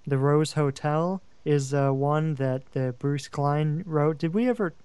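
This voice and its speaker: Chatty man with a smooth voice. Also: a little high, a little slow, darkish tone, no room sound. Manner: chatty, rambling with many fillers. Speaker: regular guest, paranormal writer. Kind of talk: casual radio talk.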